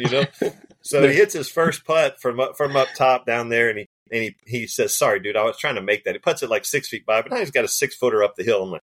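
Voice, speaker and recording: A man, a golf caddie and podcast guest, telling stories in a relaxed, chatty way and acting out the voices of people in his stories. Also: mid-range voice, fast. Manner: animated, laughs often, acts out quoted voices. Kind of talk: casual storytelling.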